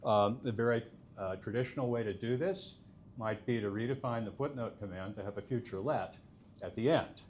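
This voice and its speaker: A man's voice: lowish voice, moderate pace, a little mellow, a little hiss or hum. A man presenting a technical conference talk, explaining step by step with frequent filler sounds. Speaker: conference speaker.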